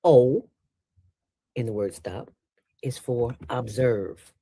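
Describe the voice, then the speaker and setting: A woman as an interview guest, talking in a playful, preachy way with sudden jumps in pitch. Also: slow, mellow, breathy edge, no room sound. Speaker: interview guest, nonprofit founder. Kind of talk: casual interview talk.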